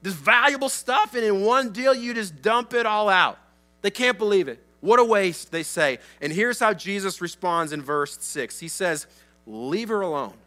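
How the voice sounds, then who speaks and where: A man's voice: high voice, animated, normal speed, pushed and bright. A man preaching a sermon as a pastor, conversational and emphatic, often checking in with the listeners. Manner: conversational, emphatic, asks the crowd "right?" and "okay?".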